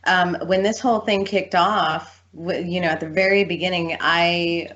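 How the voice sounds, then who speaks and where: A woman talking casually as a guest, telling a lively story and acting out the people in it. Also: fairly low pitch, normal speed. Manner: animated storyteller, acts out quoted voices. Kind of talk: casual chat. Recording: dull lo-fi sound.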